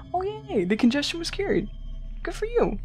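A woman's voice: sits high, sing-song, unhurried, a little mellow, faint music behind. A young woman giving chatty, playful commentary on a game she is playing, talking straight to her viewers. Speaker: let's play gamer. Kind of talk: casual gameplay commentary.

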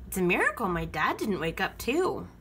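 A woman reading a children's picture book aloud with expressive storytelling. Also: medium pitch, moderate pace, a little hiss or hum.

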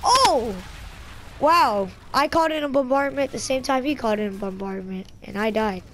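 A woman giving casual gameplay commentary, excitable and trash-talking, breaking into sudden yelps. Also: fairly high pitch, fairly quick, a little hiss or hum. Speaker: gaming channel host.

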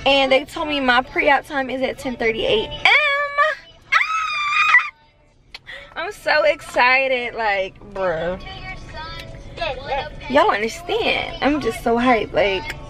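A young woman, chatting excitedly to camera in a casual vlog. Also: on the high side, moderate pace, music in the background. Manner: chatty, excitable, says "y'all" a lot. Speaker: vlogger.

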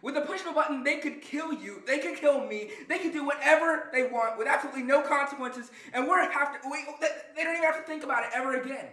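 A man's voice: very high voice, fast, few pauses, bright, forceful tone, far from the mic. A young man playing a paranoid ranter. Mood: agitated. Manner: agitated, ranting. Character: young man paranoid about being watched. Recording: echoey room from afar.

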